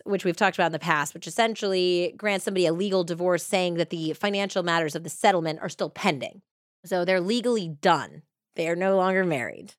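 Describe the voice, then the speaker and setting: A woman casually telling a true-crime story, acting out quotes with big jumps in pitch and filling her talk with "like". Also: a little fast, no echo, studio quality. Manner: animated retelling, acts out quotes with pitch jumps; many fillers like "like" and "you know". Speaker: podcast co-host.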